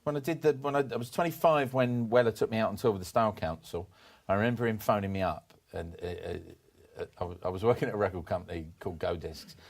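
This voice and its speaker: Fifties guy spinning funny stories on a podcast, lowish voice, keeps cracking up and restarting. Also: fast talker, gravelly, few pauses. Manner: animated anecdote-telling, jumps into comic voices for quoted people; lots of restarts and laughter. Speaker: podcast guest, former performance poet. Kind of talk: casual storytelling chat.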